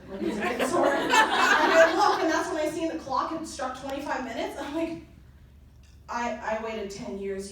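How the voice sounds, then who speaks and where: A young woman giving a motivational convention talk, telling personal stories in a lively way and laughing often. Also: high-pitched, a little slow. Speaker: presenter at a company convention. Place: large conference hall. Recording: echoey hall from far off, noisy.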